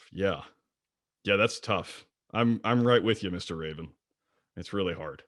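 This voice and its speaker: A man's voice: unhurried, no echo, studio quality. Playful man giving a bird lecture. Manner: playful, jokey, wide swings in pitch. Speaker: guest presenter of a bird talk. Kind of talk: online slide lecture.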